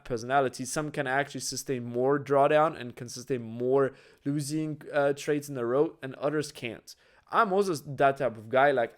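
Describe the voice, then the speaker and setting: Speaking at a medium pitch, this laid-back trader guy explains concepts straight to the camera. He fills his talk with filler words and keeps tacking on "right?"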